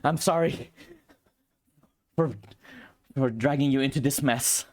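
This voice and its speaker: A man's voice: mid-range voice, slow pace, close to an everyday voice. A man doing a resigned, self-sacrificing teen boy.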